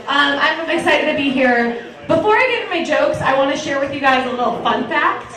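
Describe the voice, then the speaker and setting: A woman doing stand-up as the headliner, talking in a halting way with a lot of fillers. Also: sits high, lively intonation. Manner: halting, hesitant, with filler words. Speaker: headline comedian. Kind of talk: stand-up comedy. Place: large comedy room with live audience. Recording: very echoey room, far off, crowd noise.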